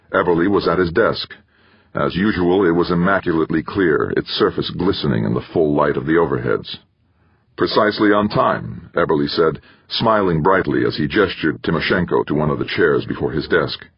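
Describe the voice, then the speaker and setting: Deep, gravelly man reading a novel. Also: a little fast, dry recording. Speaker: audiobook narrator. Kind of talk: scripted narration. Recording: dry, slightly dull audio.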